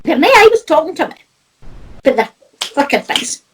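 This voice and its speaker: Middle-aged woman, north-east Scottish Doric accent, high voice, very animated, chatty storyteller. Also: normal speed, slight background noise, low-quality recording. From north-east Scotland. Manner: chatty storytelling, laughs often, swears. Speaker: psychic medium. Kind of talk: casual chat.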